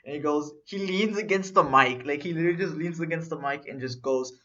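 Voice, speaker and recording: A young man co-hosting a podcast, telling a story in casual chat, animated and swearing as he acts out what people said. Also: on the high side, a little fast. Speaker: podcast co-host. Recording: dull lo-fi recording.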